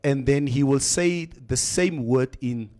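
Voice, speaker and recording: A man's voice: mid-range voice, unhurried. A man hosting a morning show, chatting casually and reading out listener comments while slipping into Afrikaans phrases. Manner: animated, slips into Afrikaans phrases. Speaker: radio show host.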